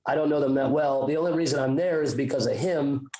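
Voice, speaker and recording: A man's voice: medium pitch, fast talker, mellow, echoey room, poor audio. A man telling a story on a podcast in a casual, profane, rambling way with many restarts. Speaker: podcast co-host.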